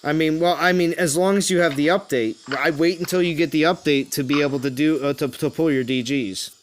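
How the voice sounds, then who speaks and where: A man's voice: on the high side, steady tone, fairly quick, slight background noise. A man hosting a casual game live stream, rambling with lots of fillers and restarts. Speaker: game livestream host.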